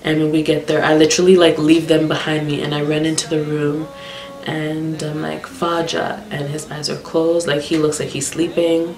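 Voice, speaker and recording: A woman vlogger telling a painful personal story in a halting, tearful way, holding back tears. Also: low-pitched, flat delivery, darkish tone. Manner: halting, tearful, many fillers and restarts. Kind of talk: emotional storytime monologue. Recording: roomy echo with faint background music.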